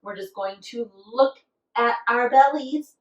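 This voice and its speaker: A woman leading a children's yoga class, giving gentle, encouraging instructions and now and then making playful animal noises. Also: on the high side, a little slow, echoey room, distant mic, dull audio. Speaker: kids' yoga teacher.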